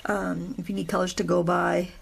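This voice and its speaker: Chatty middle-aged woman with vocal fry. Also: fairly low pitch, flat delivery, moderate pace, slight background noise. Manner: chatty, rambling, with self-deprecating asides. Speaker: craft tutorial host. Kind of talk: real-time coloring tutorial.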